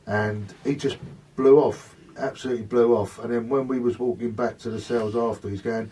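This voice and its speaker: A man, joining the interview to tell his side of the stories in a lively, anecdotal way. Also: fairly low pitch, normal speed, slightly rough. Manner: animated anecdote-telling. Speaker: interview guest. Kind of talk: casual storytelling. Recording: voice distant from the mic.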